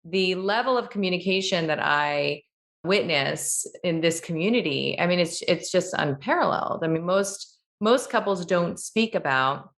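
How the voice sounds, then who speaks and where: A woman hosting a podcast interview, reflective and measured, thinking aloud through her points. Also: on the low side, animated, fairly bright tone. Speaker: podcast host.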